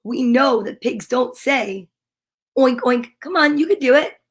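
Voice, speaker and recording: High, sing-song woman reading picture books. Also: lively intonation, moderate pace, husky. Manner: playful, chatty asides to young listeners; imitates animal sounds. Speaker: children's story time host.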